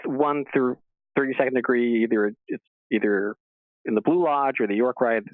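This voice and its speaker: Interviewed as a guest, a man tells stories casually and animatedly, acting out quoted dialogue in a raised voice. He has a mid-range voice and talks at a normal speed. The sound comes through a tinny phone line with no echo.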